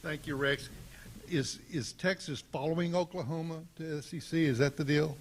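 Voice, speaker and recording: A man's voice: on the high side, steady tone, moderate pace, slight background noise. A man serving as chaplain, joking briefly before leading a plain-spoken prayer. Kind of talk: light banter then spoken prayer.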